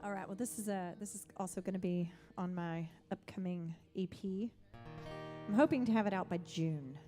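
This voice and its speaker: A woman's voice: lowish voice, normal speed. A woman singer-songwriter in easygoing, upbeat casual chat. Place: coffee shop. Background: guitar.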